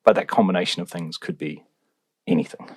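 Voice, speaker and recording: A man's voice: low voice, brisk, breathy edge, dry recording. A male relationships researcher, answering podcast questions in a wry, explanatory way with fillers.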